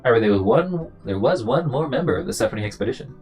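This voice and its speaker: An earnest young man from a story game, asking careful questions, voiced by a streamer reading along. The delivery is brisk and plain with some gravel, over faint background music. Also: mid-range voice, pitched below the performer's own voice. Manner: brisk, flat dialogue reading. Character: earnest young man searching his grandmother's past. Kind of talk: reading game dialogue aloud.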